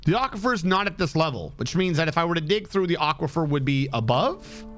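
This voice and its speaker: A man's voice: on the high side, expressive, quick pace, fairly bright tone. A man streaming a building game, muttering and counting tiles aloud while getting frustrated. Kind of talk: live gameplay commentary.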